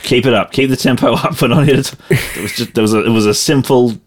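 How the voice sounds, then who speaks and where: A man's voice: mid-range voice, quick pace. A man co-hosting a podcast in casual chat, dry and wry, with chuckling asides. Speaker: podcast co-host.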